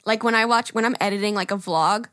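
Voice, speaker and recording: A woman from New York co-hosting a podcast, chatting casually, laughing often and swearing as she rambles fast. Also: medium pitch, a bit bright, no echo, studio quality. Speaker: podcast co-host. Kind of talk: casual chat. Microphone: studio mic.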